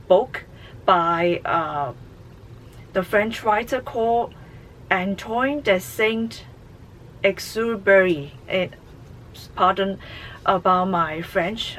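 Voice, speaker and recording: Slow, halting woman reviewing a tarot deck. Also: mid-range voice, a bit bright, a little hiss or hum, poor audio. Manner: halting, many fillers. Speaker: tarot channel host.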